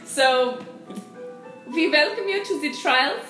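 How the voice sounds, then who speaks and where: A giggly young woman runs a tabletop game and improvises as she goes. Her voice is high and animated. The room is echoey, and music plays clearly behind her. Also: slow pace. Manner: giggly, self-deprecating, improvising. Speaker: game master. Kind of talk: casual tabletop game narration.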